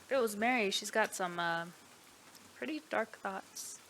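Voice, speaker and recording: A woman commenting casually on a game as she plays, with surprised, drawn-out reactions. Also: mid-range voice, a bit bright. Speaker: gameplay streamer. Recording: noisy background.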